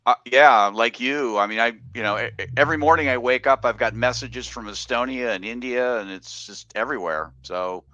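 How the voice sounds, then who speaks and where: A man's voice: mid-range voice, brisk, hardly any pauses, no echo. Rambling man on a dull video call. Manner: relaxed, rambling with restarts. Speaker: business coach guest. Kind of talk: casual interview.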